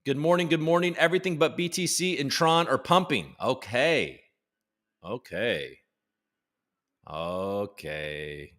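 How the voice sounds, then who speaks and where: A man's voice: a little high, animated, fairly quick, few pauses, fairly bright tone. A man from the United States hosting a casual live stream from home, joking loosely and greeting chat viewers by name. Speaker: livestream host.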